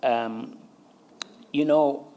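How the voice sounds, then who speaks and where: A man hosting a conversational interview, telling lively stories and laughing often as he acts out quotes. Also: mid-range voice, drawn-out words. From South Africa. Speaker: interview host.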